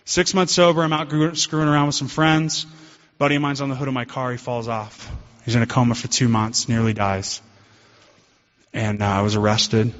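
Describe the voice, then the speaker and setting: Speaking in a mid-range voice, a guest speaker at a recovery meeting shares his personal story with the group, candid and self-deprecating. The talk happens in a meeting hall, and the recording sounds dull and lo-fi.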